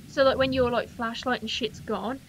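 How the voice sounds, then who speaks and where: A young woman giving profane, jokey commentary while playing a horror game, reacting loudly. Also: a little high, fairly even intonation, moderate pace. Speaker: gaming channel host. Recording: humming noisy home recording.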